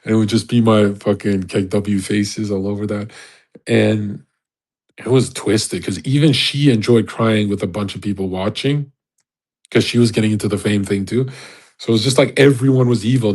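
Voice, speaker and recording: A man's voice: lowish voice, a little mellow. A male livestreamer in a rambling, profane rant, laughing often between points. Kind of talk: casual ranting monologue.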